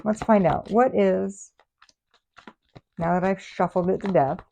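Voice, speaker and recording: A woman's voice: medium pitch, unhurried, vocal fry, dark tone. A woman doing a casual tarot reading for her viewers, chatty and playful, teasing them with mock scolding. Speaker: tarot reader.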